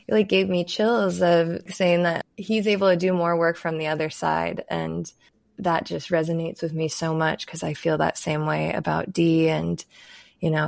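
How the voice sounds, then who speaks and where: Low, gravelly-voiced woman podcast host. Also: darkish tone, dry recording, studio quality. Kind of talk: casual podcast conversation.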